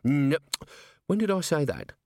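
A man's voice: a little high, huge pitch swings, unhurried, mellow, dry recording, voice pushed up, exaggerated voice. A man reading the part of a weary, sardonic police commander in an audiobook, dry and clipped. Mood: brisk. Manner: sardonic, wry.

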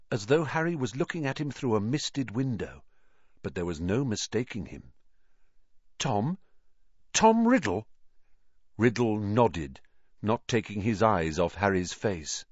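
Slow, expressive male audiobook reader. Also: on the low side, no echo, muffled recording. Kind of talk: storybook narration.

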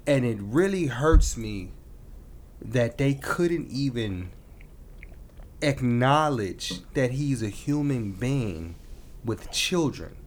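A man's voice: medium pitch, lively intonation, takes it slowly. A man talking earnestly in a casual discussion, building to emotional emphasis as he makes his point.

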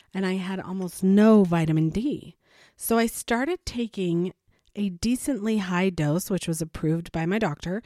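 A woman telling a candid personal story as a parent vlogger, chatty and animated, acting out both sides of conversations. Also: on the low side, dry recording, studio quality.

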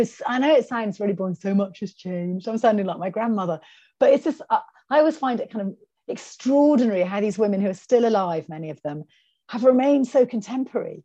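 A woman's voice: medium pitch, mellow, dry recording. A woman talks as a podcast guest over a video call, telling stories with animation and quoting people in their own voices. The call audio sounds muffled and lo-fi. The sound is close and dry. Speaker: author and guest.

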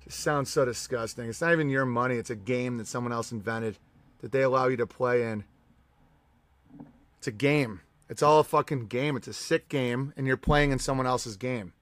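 A man's voice: mid-range voice, animated, normal speed, a bit bright, dry recording, clean studio sound. A male livestream host ranting in casual talk, profane, combative and sarcastic. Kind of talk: ranting live-stream chat.

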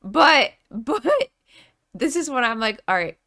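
A young woman co-hosting a casual chat, animated and laughing, swearing freely and reading a scary story aloud. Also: a little high, a little slow, no echo, studio quality.

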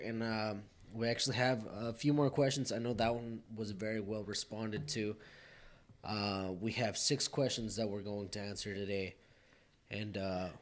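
A man's voice: lowish voice, slight background noise. A man hosting a casual, profane chat, laughing easily and steering toward questions for listeners. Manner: laid-back, laughing, profane.

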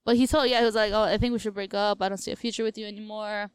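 A woman's voice: mid-range voice, fairly even intonation, very fast, clear, resonant tone, no echo, low-quality recording. A young woman in her twenties on a casual podcast, telling a breakup story with lots of quoted back-and-forth and "like". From Latina, US.

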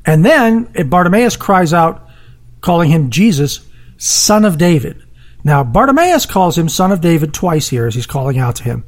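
A podcast co-host in a casual Bible discussion, talking in an animated way and acting out crowd voices. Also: medium pitch, normal speed.

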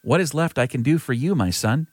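A man's voice: medium pitch, lively intonation, fairly quick, dry recording, pitched above the performer's own voice, close to an everyday voice. A man reading as an aging, blessing father. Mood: earnest. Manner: earnest, lightly voiced reading.

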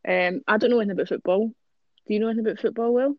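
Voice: mid-range voice, fairly even intonation, very fast, dry recording, lo-fi sound. A Scottish podcast co-host in casual chat, explaining things at length with many ums and restarts.

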